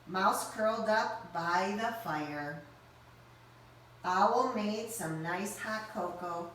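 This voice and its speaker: A woman teacher reading a story aloud to children in an animated, expressive way and speaking directly to them. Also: mid-range voice, very slow, slight background noise. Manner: animated and expressive, speaks straight to young listeners. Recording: roomy echo, mic at a distance.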